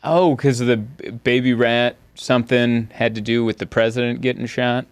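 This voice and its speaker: A man hosting a casual comedy podcast, telling stories and jumping into high acted quotes. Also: moderate pace. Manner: animated storyteller, jumps high into acted quotes. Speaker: podcast host.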